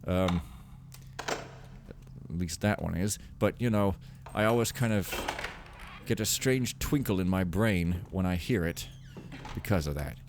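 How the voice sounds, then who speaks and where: A man's voice: sits low, unhurried, darkish tone, slight background noise. A man giving casual, rambling commentary over a video game, joking and mocking himself as he plays. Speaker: Let's Play commentator.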